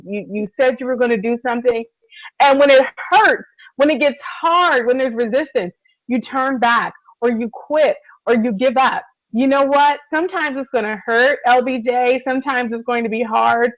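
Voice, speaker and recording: A woman with a high voice chats eagerly as co-host of a TV recap show, turning often to her partner to share her thoughts. The sound is dry and close, with no room around her. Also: dry recording, rough recording. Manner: enthusiastic, keeps addressing her co-host. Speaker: podcast co-host. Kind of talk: casual TV recap chat.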